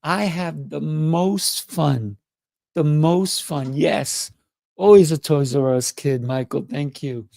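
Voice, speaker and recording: A middle-aged man hosts a motivational livestream in a playful, excitable way, breaking into laughs and jumping up in pitch. His voice has a gravelly edge, recorded dry and close with no room sound. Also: takes it slowly, no echo. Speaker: livestream host.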